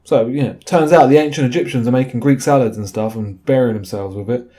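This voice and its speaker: A man hosts his own video in a loose, chatty monologue. He wanders off on tangents and keeps asking "right?" Despite the fillers his voice sounds mellow. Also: medium pitch, fast. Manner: chatty, tag questions like "right?", many fillers. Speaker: video host. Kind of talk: rambling casual monologue.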